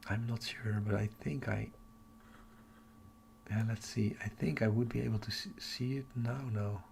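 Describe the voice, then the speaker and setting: Gravelly excited man thinking aloud. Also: fairly low pitch, moderate pace, a little hiss or hum. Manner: excited, thinking aloud, drops to a whisper at times. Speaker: astronomy livestream host. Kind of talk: live-streamed casual chat. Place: home at night.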